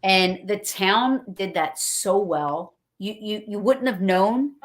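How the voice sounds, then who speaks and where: A woman chatting casually on a livestream, telling stories excitedly and acting out what people said. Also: medium pitch, takes it slowly. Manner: excited, rambling storyteller acting out quotes.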